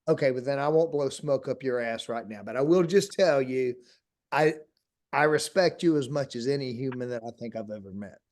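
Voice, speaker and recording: A man, a student, joking casually and speaking effusively with drawn-out phrasing. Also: medium pitch, a little mellow. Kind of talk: casual chat.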